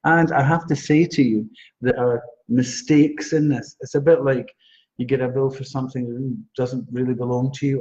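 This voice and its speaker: Dull, low-fidelity sound carries a chatty psychic astrologer doing live-stream readings. His voice is mellow and dark, and his manner is reassuring and laughing.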